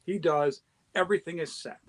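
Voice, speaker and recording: A man, a charity founder appearing as a guest, telling an anecdote in a casual, animated way with quick restarts. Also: on the high side, low-quality recording. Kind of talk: casual storytelling.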